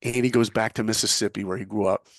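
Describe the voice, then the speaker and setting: A man's voice: fairly low pitch, fairly even intonation, fast, no room sound, studio quality. A middle-aged man from New York telling a story in a punchy, motivational way as a guest. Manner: punchy, motivational, acts out quoted voices. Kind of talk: animated storytelling.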